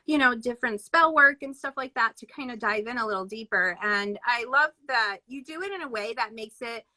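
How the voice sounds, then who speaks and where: A woman's voice: on the high side, a little fast, pushed and bright, dry recording, low-quality recording. A woman interviewing a guest, stuffy from allergies, enthusiastic and full of praise. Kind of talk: casual interview chat.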